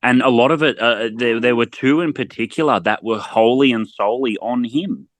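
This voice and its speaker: A man's voice: mid-range voice, normal speed, no echo. A man, a podcast guest talking sport bluntly and getting worked up, often repeating words. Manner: blunt, fired-up, repeats words when heated. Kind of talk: casual sports chat.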